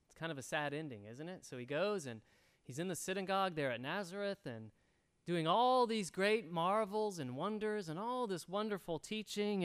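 Male pastor, raised pitch, smooth clear tone, earnest sermon delivery. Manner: earnest preaching, swells loud then drops soft.

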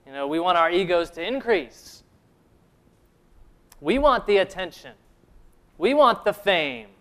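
A man preaching a sermon in an earnest way, asking the listeners questions and slowing down to stress key phrases. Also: high-pitched, lively intonation, a bit bright. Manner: earnest preaching, rhetorical questions, slows for emphasis. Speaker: pastor.

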